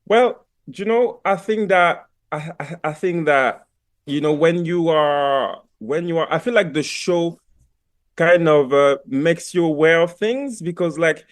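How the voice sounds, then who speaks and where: A man's voice: a little high, a little slow. A young man from France with a French accent, a guest actor talking over a video call in a radio interview, thoughtful and full of fillers and restarts.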